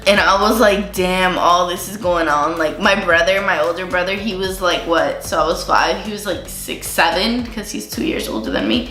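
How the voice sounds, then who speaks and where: A young woman chats through a casual storytime while doing her makeup at home, filling every pause with likes and ums. Her voice is bright, and she says she is feeling sick. The room rings with echo, and faint music plays underneath. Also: lowish voice. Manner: chatty, lots of likes and ums. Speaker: vlogger.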